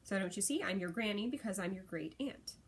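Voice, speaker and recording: A woman's voice: medium pitch, expressive, brisk, husky. A woman voicing a prim, loving elderly great-aunt who scolds and comforts by turns. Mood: fond. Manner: prim, scolding then tender.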